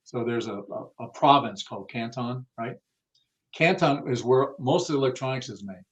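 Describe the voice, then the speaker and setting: This man's mid-range voice has a slightly bright quality and a moderate pace. Interviewed about car audio, he speaks frankly and informally, cursing a bit and performing the lines of the people he quotes.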